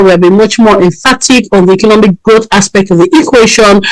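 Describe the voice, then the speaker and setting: A woman's voice: medium pitch, dry recording, poor audio. A woman hosting a radio talk show, delivering a solo monologue emphatically with frequent fillers, repeated points and tag questions. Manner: repetitive, emphatic, with frequent fillers and "right?" tags.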